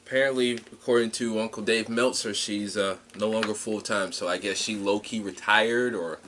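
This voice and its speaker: A man's voice: fairly low pitch, fairly even intonation, normal speed, fairly bright tone, slight background noise. Laid-back man, blunt podcast banter. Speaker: podcast co-host. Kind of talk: casual wrestling recap chat.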